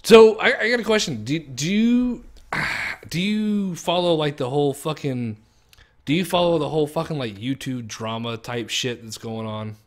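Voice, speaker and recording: A man's voice: on the high side, moderate pace. A young man ranting profanely in casual chat on a stream, mocking others with exaggerated voices. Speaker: streamer co-host.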